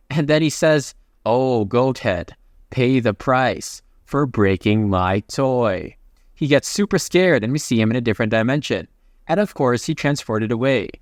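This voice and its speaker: A man casually narrating a comic recap in a chatty, excitable way. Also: medium pitch, no echo, studio quality.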